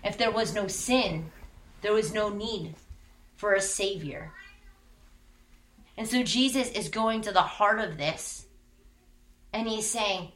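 A woman's voice: medium pitch, slow, long pauses, a bit bright, echoey room. A woman pastor in her thirties giving a candid, conversational sermon with emphatic repetition.

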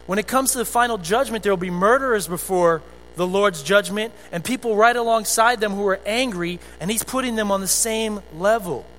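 A man preaching a conversational, animated sermon as a pastor in a church sanctuary. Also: high-pitched, a little fast, a little hiss or hum. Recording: long hall reverb with faint music.

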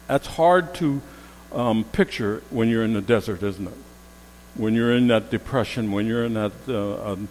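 In a mid-range voice, a man preaches a sermon full of stories, voicing the people in them and repeating key phrases with mounting emphasis. The recording has long hall reverb and slight background noise.

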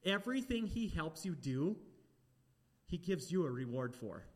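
A man preaching a sermon, animated and talking straight to the congregation with questions. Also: fairly high pitch, measured pace.

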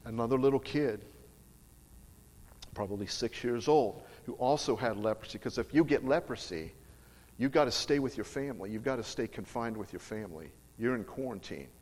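A middle-aged man preaching, telling a personal story in an emphatic, earnest way. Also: mid-range voice. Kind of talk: storytelling sermon. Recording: long reverb of a large hall.

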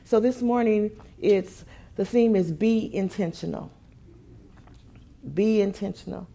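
Preaching a sermon, a woman with a medium-pitched, unhurried voice and some vocal fry alternates between quiet musing and emphatic, repeated phrases.

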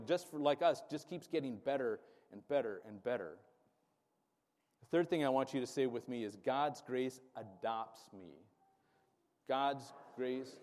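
A man with a somewhat high voice delivers a sermon in an echoing church hall. He talks straight to his congregation, leads them in repeating phrases and often stops to ask whether they follow. The long reverb of the room trails after his words. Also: a little mellow. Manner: call-and-response, checking in with the congregation. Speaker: pastor.

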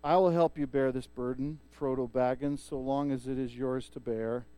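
A man voicing an old, wise male wizard who speaks calmly and gravely. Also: medium pitch, moderate pace, pitched below the performer's own voice, close to an everyday voice, poor audio. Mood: solemn.

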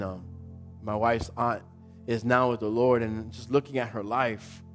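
A man preaching a sermon as pastor, repeating his phrases and building to loud emphatic questions. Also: mid-range voice.

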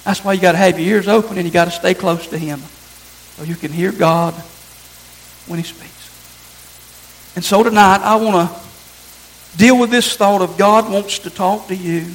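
A man's voice: high voice, moderate pace, pauses often, poor audio. A man preaching a sermon as pastor, earnest and emphatic, driving his points home through repetition.

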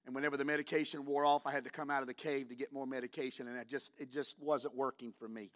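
A man preaching a sermon in a church, moving between quiet personal storytelling and loud, shouted declarations. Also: medium pitch, level tone, quick pace. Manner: shifts from hushed storytelling to shouted climaxes.

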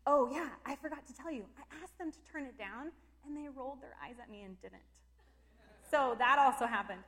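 A woman's voice: sits high, a little fast. A woman telling a personal faith story in a casual, emotional way, with lots of filler words. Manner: emotional and animated, lots of "like" fillers, breaks into laughter. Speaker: Christian speaker sharing personal testimony.

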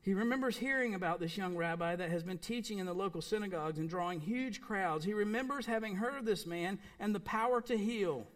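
Guy preaching a sermon, higher voice, earnest, repeats stuff for emphasis. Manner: earnest preaching with emphatic repetition and sudden soft drops. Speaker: pastor.

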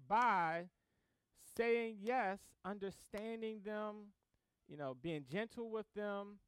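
A man preaching a sermon in a casual, animated way, acting out both sides of conversations and laughing as he tells stories. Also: high voice, clean tone, no echo. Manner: casual slang-filled delivery with laughter. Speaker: pastor.

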